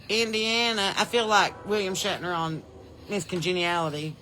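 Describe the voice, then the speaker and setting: A woman's voice: on the low side, normal speed, bright, forceful tone, a little hiss or hum. A woman with a Southern US accent hosting a casual podcast livestream, greeting viewers by name and home state in a chatty, folksy way. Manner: chatty, folksy, reads out viewers' names and places. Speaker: podcast host.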